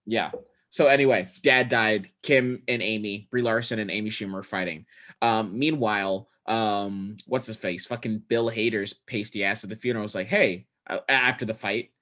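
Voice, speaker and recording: A man's voice: fairly low pitch, moderate pace, sharp tone. A man co-hosting a podcast, recapping a movie in rambling, profane casual chat full of fillers and restarts. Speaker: podcast co-host.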